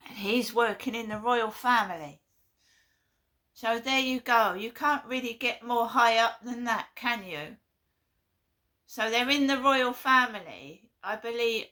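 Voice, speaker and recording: Slow-talking, bright-voiced woman. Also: a little high. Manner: blunt, earnest, repeats herself. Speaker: vlogger. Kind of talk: impassioned monologue.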